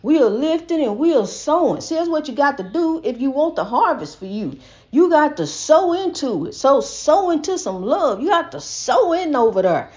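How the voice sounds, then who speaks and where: A woman's voice: high-pitched, very animated, moderate pace, a little mellow, dull audio. An older woman giving an impassioned, rambling spiritual monologue, repeating her points with emphasis. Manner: preachy, repetitive, emphatic, rambling.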